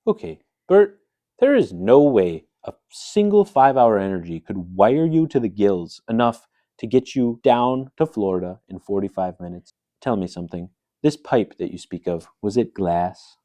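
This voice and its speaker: Man doing a dry incredulous host, deep mellow voice, dead close sound. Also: lively intonation, normal speed, no echo, close to an everyday voice. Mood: probing. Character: stern late-night host Uncle Fran, man. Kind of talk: improv sketch comedy.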